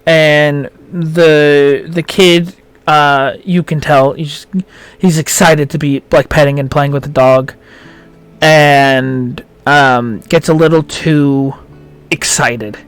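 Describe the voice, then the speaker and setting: Halting man running a tabletop game. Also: a little high, steady tone, clear, resonant tone, no room sound, faint music behind. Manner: halting, many fillers. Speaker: game master.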